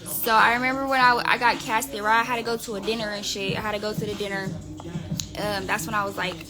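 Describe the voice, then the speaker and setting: A woman telling gossip on a live stream in a casual, profane, rambling way, full of fillers. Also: a little high. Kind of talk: casual storytelling rant.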